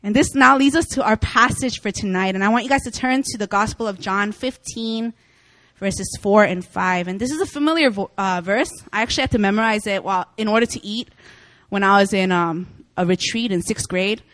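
A young woman preacher giving a casual sermon, chatty and animated, often laughing as she tells stories. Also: medium pitch, brisk, no room sound. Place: church meeting room.

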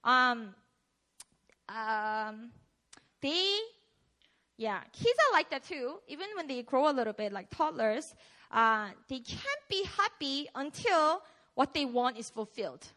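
A woman in her twenties giving a casual sermon in an animated, chatty way, often asking the audience questions. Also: sits high, slow. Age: 20s. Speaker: preacher.

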